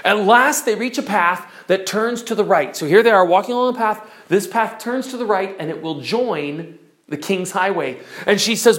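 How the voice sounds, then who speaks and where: A preacher teaching from notes, telling an allegory dramatically and slowing down to stress key words. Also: mid-range voice. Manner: animated, dramatic storytelling, drops to slow emphasis. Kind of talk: storytelling sermon lesson.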